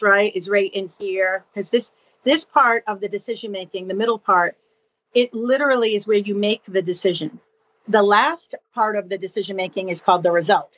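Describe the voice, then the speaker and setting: A woman's voice: medium pitch, dull audio. A woman from the area, a podcast guest explaining ideas and acting out little scenes in voices. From Boston area. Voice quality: expressive, acts out dialogue in voices. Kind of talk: animated podcast explanation with acted-out anecdotes.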